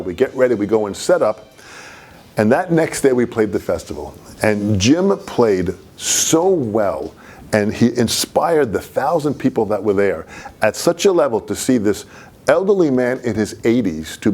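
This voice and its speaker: Man, animated storyteller, laughing through a personal anecdote, mid pitch.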